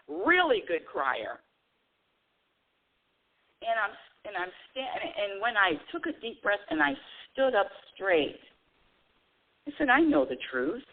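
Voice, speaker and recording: A woman's voice: mid-range voice, slow, pauses often. A middle-aged woman hosting a spiritual call-in radio show, talking animatedly with frequent laughs and dramatic self-quotes. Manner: animated, laughing often, quoting herself dramatically. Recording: tinny phone line.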